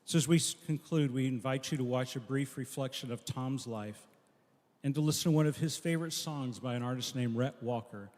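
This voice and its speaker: A man preaching a memorial sermon, telling a story earnestly and dropping soft at key lines. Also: medium pitch, a little fast. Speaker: pastor at a memorial service. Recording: long echo of a large hall.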